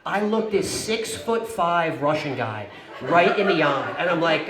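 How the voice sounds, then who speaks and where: A young man doing a stand-up comedy set on a club stage. He tells his stories quickly and profanely, tagging his lines with "right?". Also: on the high side, lively intonation, crowd noise. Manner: fast, profane storytelling, tags lines with "right?". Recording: echoey club with audience laughter.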